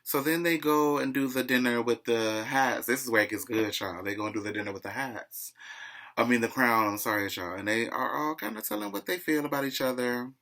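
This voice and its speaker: A man's voice: mid-range voice, a little fast, creaky, bright, forceful tone. Gossipy man recapping reality TV. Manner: chatty and gossipy, keeps saying "child".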